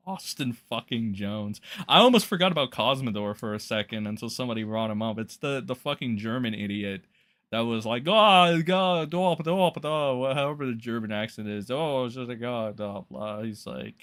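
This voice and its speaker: A man's voice: on the low side, moderate pace, a bit bright. A man doing casual livestream commentary, blunt and profane, rambling loosely as he reacts to chat. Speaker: streamer reacting to drama.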